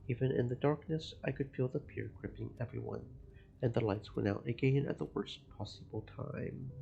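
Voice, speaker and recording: A man streaming a game, reading its narration and chatting about it in an even, gravelly voice. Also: medium pitch, moderate pace, a little hiss or hum. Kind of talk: narrating a visual novel with commentary. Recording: muffled lo-fi stream audio.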